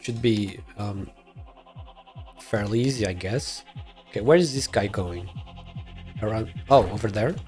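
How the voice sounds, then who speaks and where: A man streaming a game and chatting casually, relaxed, mumbling his plans and swearing now and then. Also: fairly low pitch, unhurried, pauses often, faint music behind.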